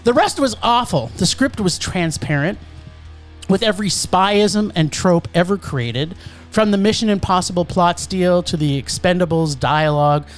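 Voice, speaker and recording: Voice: mid-range voice, moderate pace, faint music behind. A podcast co-host giving a sarcastic, ranting movie review in casual chat. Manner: animated, sarcastic ranting critique.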